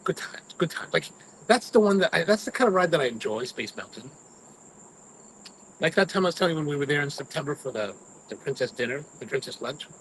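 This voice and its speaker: A man with a somewhat high, very lively voice rambles casually through stories while hosting a cigar review. Faint noise sits under the recording. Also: brisk, low-quality recording. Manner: rambling storyteller, mimics his own grumbling. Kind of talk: casual chat to live viewers.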